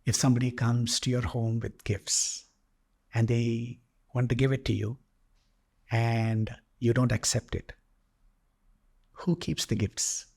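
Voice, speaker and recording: A man voicing the Buddha as a calm, wise old sage who asks a gentle question. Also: medium pitch, takes it slowly, gravelly, pauses often, breathy edge, exaggerated voice.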